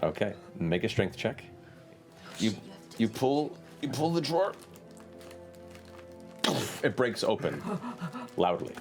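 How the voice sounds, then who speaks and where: A man narrating a tabletop game as game master, animated and often laughing as he describes chaotic scenes. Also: fairly low pitch, slow pace, pauses often, music in the background.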